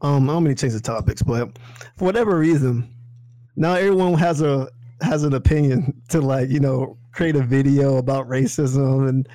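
A young man co-hosting a casual chat, relaxed and easygoing, chuckling as he talks. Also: mid-range voice, moderate pace, no echo. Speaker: podcast co-host.

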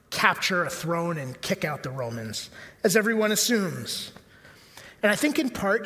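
High-voiced man preaching in a reverberant hall. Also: a bit bright. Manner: conversational preaching with filler words and rhetorical questions. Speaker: pastor. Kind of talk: sermon.

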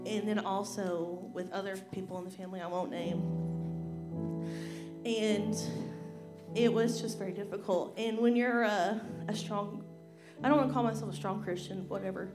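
A woman's voice: mid-range voice, fairly even intonation, normal speed. A heavily pregnant, congested woman giving a candid personal testimony in church, near tears and laughing through it. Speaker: pastor's wife and singer. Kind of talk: personal testimony before singing. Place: church sanctuary. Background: piano and guitar playing.

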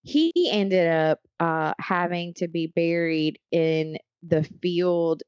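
Low, slow-talking woman with dull sound. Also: flat delivery, darkish tone, clear, resonant tone, no room sound. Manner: rambling storyteller, frequent fillers and restarts. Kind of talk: casual chat.

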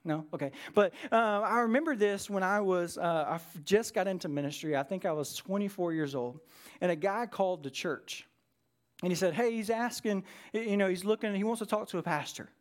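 A man's voice: high voice, a little fast. A man preaching a conversational sermon to a church congregation, telling stories with plenty of fillers. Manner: casual, storytelling, many fillers. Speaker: pastor. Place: church service with a live congregation.

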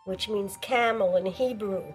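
A woman's voice: medium pitch, a little slow, soft background music, low-quality recording. A woman co-hosting a casual podcast, talking in a blunt, emphatic way. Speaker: podcast co-host. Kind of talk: casual chat.

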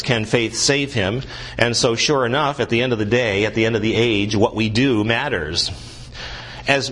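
A man preaching a sermon as a guest pastor, asking the congregation questions and building to emphatic points. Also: fairly bright tone. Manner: earnest preaching, rising in pitch and intensity when pressing a point.

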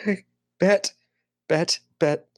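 A man's voice: high-pitched, slow pace, darkish tone, dry recording, clean studio sound. A man in a tabletop game, playing his character in a laid-back, playful way. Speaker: player.

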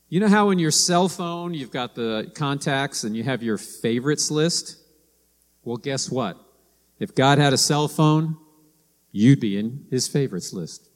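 A man preaching a sermon, telling stories and acting out quoted lines in a lively way. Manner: storytelling, acts out quoted lines with rising pitch. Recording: long hall reverb.

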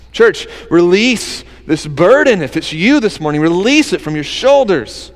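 A man's voice: high voice, sing-song, a little slow, hardly any pauses, in a large hall. A man preaching a sermon to his church, earnest and conversational, asking the listeners rhetorical questions. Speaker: pastor.

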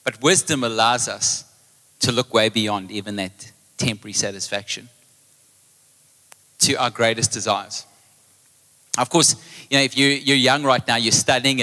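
Pastor preaching in reverberant hall. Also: male voice, medium pitch. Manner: storytelling, animated retelling of conversations. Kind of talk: live sermon. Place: church hall.

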